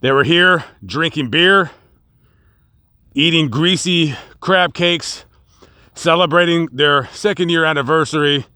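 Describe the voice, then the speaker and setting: A man recounts a true crime case in a casual vlog style, outdoors on location. His delivery is dramatic and builds excitement as he acts out the quotes. His voice is bright and forceful, and sits slightly high. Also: measured pace, clear, resonant tone, dry recording, studio quality.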